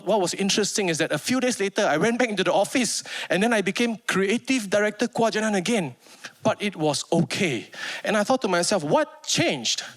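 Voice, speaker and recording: Malaysian man in his thirties doing stand-up storytelling, light high voice, animated. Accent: Malaysian English. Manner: animated, acts out relatives' voices. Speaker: stand-up comedian.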